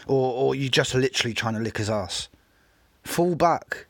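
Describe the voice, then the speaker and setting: A man's voice: mid-range voice, fairly even intonation, quick pace, a bit bright, dry recording. A man giving scornful, mocking commentary over a recorded street debate.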